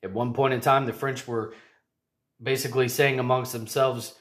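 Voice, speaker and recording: A man's voice: mid-range voice, little pitch movement, normal speed, a bit bright. A man hosting a podcast, talking in a rambling, jokey and earnest way. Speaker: podcast host. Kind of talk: casual monologue.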